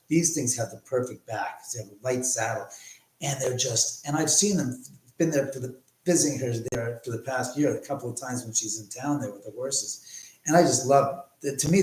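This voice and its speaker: A man's voice: medium pitch, echoey room, rough recording. A man hosting a casual livestream from his home, rambling and swearing as he chats with viewers. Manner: rambling, profane, chatty with viewers. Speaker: livestream host.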